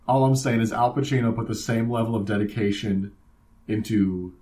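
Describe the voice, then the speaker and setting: A man's voice: lowish voice, normal speed, warm tone. A young man co-hosting a podcast in casual chat, jokey and repeating himself, swearing now and then. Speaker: podcast co-host.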